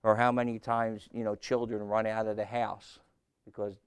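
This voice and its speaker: Male preacher, gravelly, dry close sound, asks the room questions and swings from loud to soft. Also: fairly low pitch, little pitch movement, normal speed, no echo. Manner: asks the congregation questions, rising and dropping his voice. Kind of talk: sermon.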